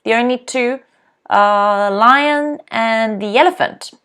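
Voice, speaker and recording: Woman, English teacher; slow, deliberate delivery, bright animated drills. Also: fairly high pitch. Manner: animated, clearly drills pronunciation, laughs often. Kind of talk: live online English lesson.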